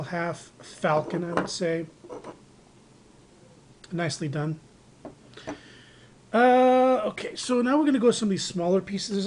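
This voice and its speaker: A man chatting loosely through a show-and-tell of his collectibles, rambling and restarting with plenty of fillers. He is recorded indoors on a handheld camera mic, with a faint hiss of noise behind him. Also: high-pitched. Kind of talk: casual show-and-tell narration. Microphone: handheld camera microphone.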